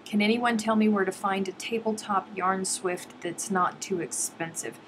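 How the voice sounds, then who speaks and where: A woman's voice: medium pitch, normal speed, background noise. A middle-aged woman hosting a casual live stream and chatting with her viewers, reading their comments aloud playfully. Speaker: livestream host.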